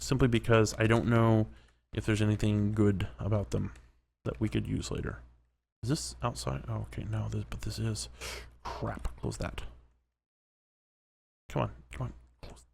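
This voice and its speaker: A man's voice: lowish voice, vocal fry. A man narrating his own game play, chatting and reacting aloud, at times dropping to a whisper. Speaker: gaming commentator. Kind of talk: let's play commentary.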